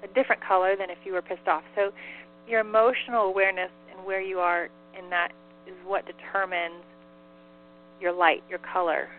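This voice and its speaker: A woman's voice: medium pitch, fairly even intonation, moderate pace. A woman relaying a spirit's messages in casual call-in talk, giggling often and peppering her speech with "like.". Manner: giggly, chatty, many "like" fillers. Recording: phone line with faint mains hum.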